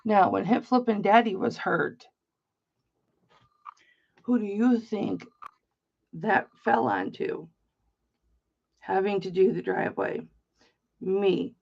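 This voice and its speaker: With long pauses, a middle-aged woman from Michigan takes her time rambling through a story while hosting an online auction, blunt, chatty and freely profane on a casual livestream. Her medium-pitched voice is gravelly with a darkish tone. Audio is slightly dull and lo-fi.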